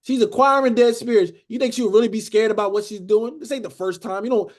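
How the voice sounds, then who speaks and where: A man's voice: sits high, fast talker. A man teaching a Bible study in a conversational sermon style, breaking in to act out the characters and often saying "beloved" and "okay?". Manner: animated, acts out characters, frequent "beloved" and "okay?".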